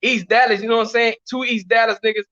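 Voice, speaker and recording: Texan man, slangy and animated, high bright voice, dull lo-fi recording. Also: fast. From Texas, USA. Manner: animated, slangy, repeats "you know what I'm saying". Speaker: guest telling prison stories. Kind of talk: casual storytelling interview.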